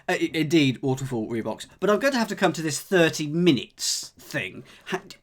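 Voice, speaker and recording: A man's voice: a little high, very animated, a little fast. A man solving a cryptic crossword on a live stream, chatting and joking with his viewers as he thinks aloud. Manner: chatty, jokey, thinks aloud, talks to chat. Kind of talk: casual live-stream chat.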